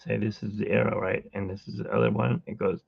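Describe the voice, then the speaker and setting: A man's voice: lowish voice, flat delivery, fast, gravelly, breathy edge, no echo, muffled recording. A tired man who got little sleep, hosting a live drawing stream and chatting casually in a rambling way as he works. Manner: rambling storyteller, hums while working.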